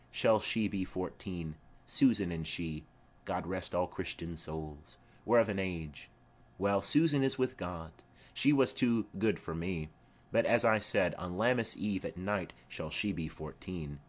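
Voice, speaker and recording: Rambling old nurse, read by a man. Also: on the low side. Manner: rambling, digressive storytelling. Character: chattering elderly woman nurse, rambling and fond. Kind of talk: audiobook reading of a play.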